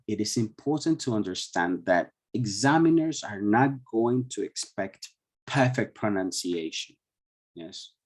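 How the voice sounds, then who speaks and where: Over a video call, a man with a Colombian Spanish accent runs an online IELTS training session for teachers in a chatty style. His voice is fairly low, a little mellow and slightly rough, and he restarts often and puts many questions to the audience.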